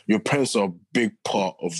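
A young man speaks quickly and earnestly as a first-time podcast guest. His voice is slightly husky and a touch low. The sound is close and dry. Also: dry recording. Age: young adult. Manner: earnest, talks fast with many restarts. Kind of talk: casual interview talk.

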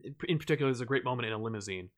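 A man in casual podcast chat, talking at a middle pitch. He rambles with many fillers and restarts, animatedly retelling scenes as he goes. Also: very fast.

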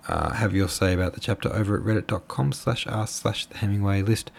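A man's voice: on the low side, fairly even intonation, brisk, creaky, slight background noise. A tired man casually reading a book aloud, stumbling over names now and then. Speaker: audiobook reader.

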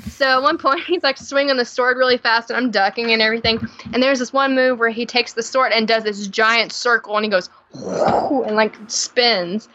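As a podcast guest, a Tennessee woman with a Southern drawl animatedly tells stories from the stage in casual conversation, laughing along the way. Her voice is a little high and brisk with hardly any pauses, and the audio sounds dull.

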